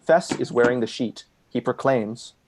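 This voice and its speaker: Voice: mid-range voice, moderate pace, a little mellow, slight background noise. Plain voice reading stage directions. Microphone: video call.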